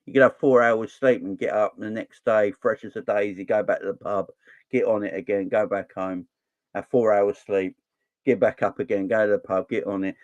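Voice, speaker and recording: A man's voice: fairly low pitch, steady tone, normal speed, a little mellow, no room sound, highs cut off. A man in his forties from southern England, hosting a casual live stream and chatting back to viewer comments. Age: 40s. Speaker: fan channel host.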